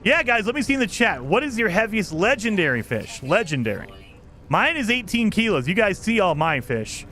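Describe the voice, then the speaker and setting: Chatty man streaming a game, lively voice. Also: high voice, moderate pace, faint music behind. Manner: chatty, laughs often, talks to chat while playing. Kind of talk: casual live-stream chat.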